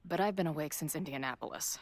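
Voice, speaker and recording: A woman's voice: low-pitched, fast, dry recording. An actress voicing a blunt, offhand young woman in a video game who sounds worn out. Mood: weary. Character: tired, blunt young woman, a returned best friend.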